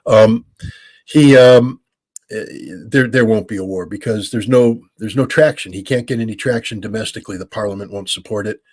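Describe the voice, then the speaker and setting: American man, 60s, husky voice, lowish pitch, measured explanations with ums, dry close sound. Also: darkish tone, no room sound. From United States. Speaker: guest, former weapons inspector. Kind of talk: call-in interview answers.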